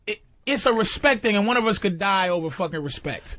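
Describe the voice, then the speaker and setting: A man's voice: sits high, animated, fast, sharp tone. A man telling profane stories in casual radio banter, acting out the voices of people he quotes. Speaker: guest comedian. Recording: dull lo-fi radio broadcast.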